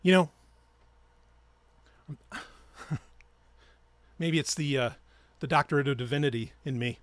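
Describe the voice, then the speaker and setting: Alone on his own podcast, a man rants with heated, profane sarcasm. His voice is a little high and slow, recorded without echo.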